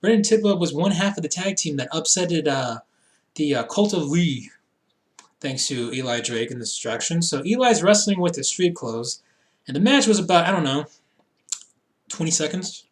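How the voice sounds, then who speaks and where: A young man with a slightly high voice talks through a wrestling recap in a loose, rambling way. He cracks jokes as he goes and slips into goofy voices for quotes. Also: lively intonation, normal speed. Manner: rambling, jokey, acts out quotes in silly voices. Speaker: wrestling show reviewer. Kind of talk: casual solo recap.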